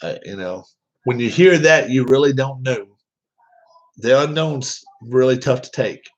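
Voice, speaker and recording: A man's voice: mid-range voice, measured pace. Rambling man chatting, lo-fi sound. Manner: rambling, with many fillers and restarts. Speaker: vlogger. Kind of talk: casual chat to viewers. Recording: dull lo-fi sound.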